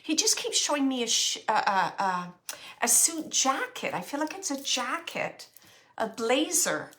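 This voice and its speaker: A woman with a bright, clear-toned voice gives a psychic reading. She speaks haltingly, feeling her way through each impression and thinking aloud, and laughs often as she relays what she senses. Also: sits high, big pitch swings. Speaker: psychic medium.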